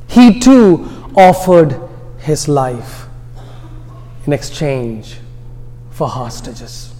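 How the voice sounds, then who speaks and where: A man with an Indian American accent delivers an Easter sermon at a very unhurried pace, dropping softly at the end of each phrase. His voice sits a little high for a man, and it rings with the long reverb of a large church hall. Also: very animated. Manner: slow, deliberate delivery with phrases trailing off softly. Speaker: preacher.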